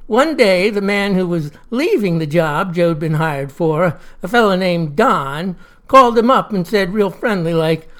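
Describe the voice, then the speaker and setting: A woman's voice: on the low side, expressive, unhurried, a bit bright. Folksy woman telling a fireside tale. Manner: folksy, chatty. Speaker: storyteller.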